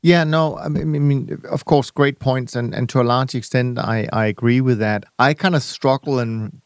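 A man hosting a podcast, speaking in a measured, hesitant way as he searches for words. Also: mid-range voice, steady tone, dry recording, clean studio sound. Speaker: podcast host. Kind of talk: casual conversation.

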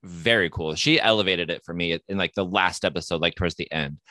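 Low-voiced man chatting casually on a podcast. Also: dry recording. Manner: relaxed, halting with frequent restarts. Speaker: podcast co-host. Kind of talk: casual chat.

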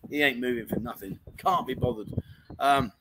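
Calling everyone mate, a chatty host runs a casual livestream chat from home in Pattaya and reads viewer comments aloud. He speaks at a moderate pace in a medium-pitched voice, with noise in the background.

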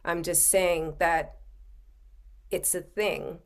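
A woman's voice: lowish voice, fairly even intonation, slow pace. A middle-aged woman speaking as a podcast guest, conversational, often adding "you know" and "right". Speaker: podcast guest, coach and author. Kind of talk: casual interview chat.

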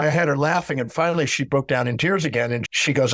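A man's voice: mid-range voice, fast talker, gravelly, hardly any pauses, fairly bright tone, dry recording. A man telling a story in an interview, lecturing emphatically and acting out both sides of a dialogue. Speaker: speaker on emotional healing.

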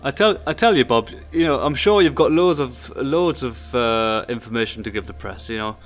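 A man voicing a smooth-talking male field agent who flatters and wheedles. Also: medium pitch, moderate pace, faint music behind, close to an everyday voice. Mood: flattering.

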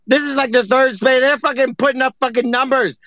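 A man's voice: very high-pitched, steady tone, a little fast, gravelly, a bit bright, dry recording, highs cut off. A man hosting a casual online chat, talking in a profane, rambling, exasperated way. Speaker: host. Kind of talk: casual chat on an audio stream.

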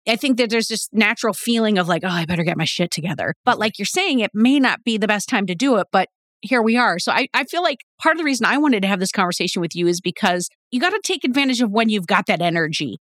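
A woman's voice: mid-range voice, lively intonation, fast talker, fairly bright tone, no room sound, clean studio sound. A woman podcast host in casual chat, chatty and laughing a lot, with a cold. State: has a cold.

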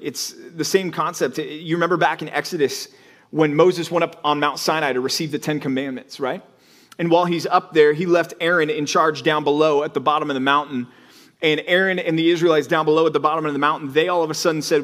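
A man preaching a sermon from the pulpit, with a voice sitting a bit higher than most men's. He talks to the congregation in a casual, conversational way. He turns emphatic as he builds each point, often repeating words along the way. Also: fairly quick. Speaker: pastor.

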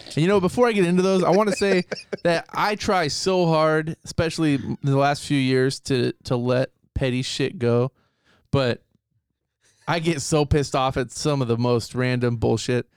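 A man co-hosting a podcast, ranting in a casual, profane and animated way. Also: medium pitch, clear, resonant tone, dry recording, studio quality. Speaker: podcast co-host.

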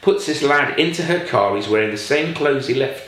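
A man, a foster parent and guest, telling stories in a casual, lively way. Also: mid-range voice, moderate pace. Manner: lively, acts out quoted voices. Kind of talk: casual storytelling. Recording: very echoey room.

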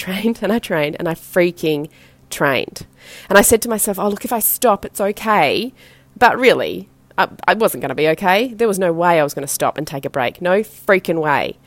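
A woman with an Australian accent hosting a podcast, delivering an energetic, emphatic motivational monologue and speaking mildly rough at times. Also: on the low side, no echo. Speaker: podcast host.

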